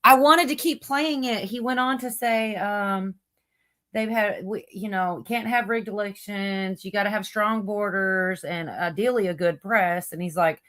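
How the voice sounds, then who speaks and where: A woman's voice: medium pitch, unhurried, a bit bright, no echo. A woman hosting a livestream in a casual, chatty way, reading out viewer comments. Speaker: livestream host. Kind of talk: casual chat.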